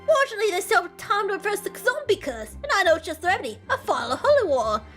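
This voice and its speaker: A woman voicing a bossy, sharp-tongued middle-aged mother from a game, scolding in a put-on accent that drifts between Southern and British. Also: very high-pitched, big pitch swings, fast, soft background music, heavily acted. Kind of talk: reading game dialogue aloud.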